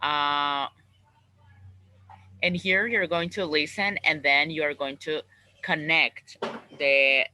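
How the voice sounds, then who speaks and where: Guy teaching english on a video call, slow and bright, keeps repeating words. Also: fairly high pitch, fairly even intonation, a little hiss or hum, poor audio. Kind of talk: online class teaching.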